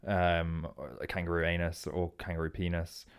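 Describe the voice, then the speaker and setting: A man with a somewhat low voice carries on an improvised comic story. He explains absurd details in a matter-of-fact, deadpan way. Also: normal speed, smooth.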